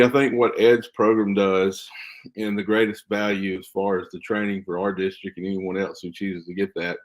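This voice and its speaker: School safety trainer, man, lowish voice, earnest and emphatic podcast guest. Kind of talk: casual podcast interview.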